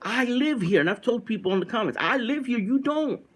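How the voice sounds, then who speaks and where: Middle-aged male vlogger from Puerto Rico, high voice, very animated swings, emphatic direct address. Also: brisk. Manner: emphatic, repetitive, talks straight to viewers. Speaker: political vlogger. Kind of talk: casual opinion vlog to camera. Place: home by a window.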